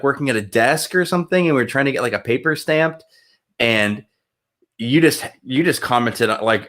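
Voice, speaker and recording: A man co-hosting a live show, chatty and excitable in casual banter with his friend. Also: medium pitch. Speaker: co-host.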